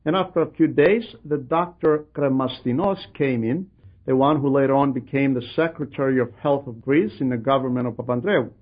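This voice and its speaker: Speaking fairly quickly in a mid-range voice, a man earnestly recounts a monk's tale to a gathering as a religious storyteller, giving voice to its characters. The audio is a dull lo-fi recording.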